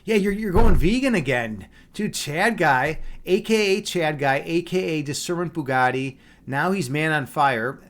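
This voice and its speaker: A man's voice: fairly high pitch, animated, a little slow, few pauses, fairly bright tone. A man hosting a livestream, chatting casually with viewers in a joking, teasing way, with many restarts and fillers. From Chicago. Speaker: livestream host.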